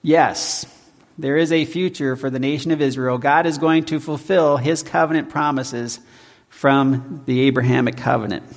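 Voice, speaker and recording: A pastor preaching a sermon in measured tones, slowing down to read scripture and hymn verses. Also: male voice, medium pitch, fairly even intonation, creaky, big-room sound.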